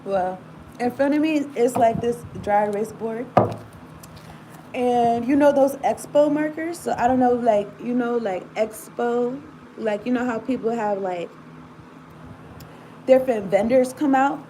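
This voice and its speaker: A woman's voice: a little high, a little slow, warm tone, slight background noise, poor audio. A woman giving a casual tarot reading, rambling and talking straight to the viewer with frequent asides. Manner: rambling, casual, laughs often, talks to viewer directly. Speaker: tarot reader.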